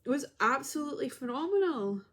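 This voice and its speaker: A woman's voice: high voice, sing-song, a little fast. A woman who works as a spiritual healer tells a personal story in a heartfelt, reflective way on her vlog.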